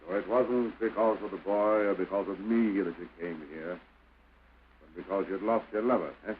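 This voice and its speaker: A man's voice: low voice, moderate pace, narrow, tinny audio, lightly acted. An actor playing a bitter husband who coldly refuses his estranged wife, with theatrical early film outbursts, on an old hissy soundtrack. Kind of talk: early 1930s film acting.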